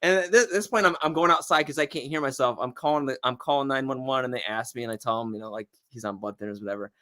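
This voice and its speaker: A male comedian guest telling a long, animated story in casual chat, acting out the voices of people he quotes. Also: mid-range voice, fast.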